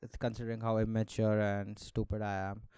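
A man's voice: on the low side, monotone, a little fast, dark tone, smooth, no room sound. A young man hosting a solo podcast, ranting sarcastically with plenty of swearing and frequent laughter. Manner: sarcastic, profane, laughs often. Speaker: podcast host. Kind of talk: casual solo podcast rant.

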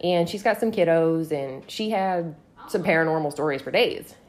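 A woman's voice: low voice, moderate pace, a little mellow. A young woman from Texas telling a story in casual, profane chat and acting out the voices in quotes.

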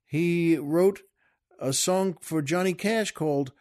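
A man's voice: on the high side, slow pace, a little mellow. A male host telling a joke in a folksy, rambling way, repeating himself often. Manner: folksy, repetitive, chuckling.

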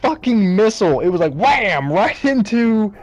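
A man's voice: sits high, big pitch swings, normal speed, lo-fi sound. A man on a podcast ranting in disbelief about a movie's plot, swearing freely. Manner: profane, incredulous ranting. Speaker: podcast co-host. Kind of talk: casual movie recap chat.

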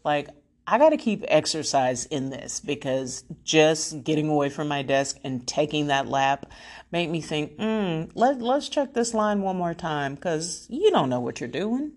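A young adult woman talking in a casual, self-deprecating video diary, shifting from hushed asides to excited storytelling. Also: low voice, measured pace. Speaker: vlogger. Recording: faint background noise.

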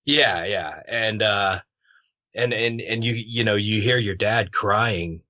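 A man hosting a podcast interview in a relaxed, conversational way, swearing now and then. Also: on the low side, takes it slowly, no room sound. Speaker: podcast host. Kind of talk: casual interview chat. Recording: dull muffled podcast audio.

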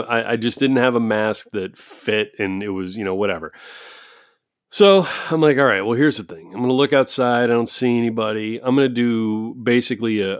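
Profane, animated man ranting, dry studio sound. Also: fairly low pitch, no room sound. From United States. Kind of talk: casual storytelling monologue. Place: home recording studio.

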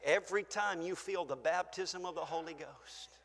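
An older man preaching a fervent sermon as pastor in a church, shouting praise and then dropping to a hush. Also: a little high, moderate pace. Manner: shouting, exclaiming hallelujah, swinging between loud and soft. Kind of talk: pentecostal sermon. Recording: church hall reverb.

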